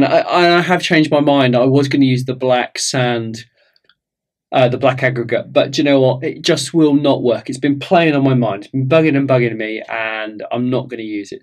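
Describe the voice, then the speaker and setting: A man's voice: mid-range voice, normal speed. Man rambling through a hobby build. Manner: rambling, thinks aloud with many fillers. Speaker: hobby vlogger. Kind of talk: casual hobby narration.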